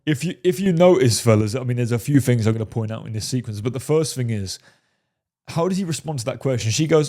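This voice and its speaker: A man's voice: mid-range voice, lively intonation, brisk, warm tone. A man commenting on film clips as a dating coach, casual and profane, often saying "right?" and "fellas".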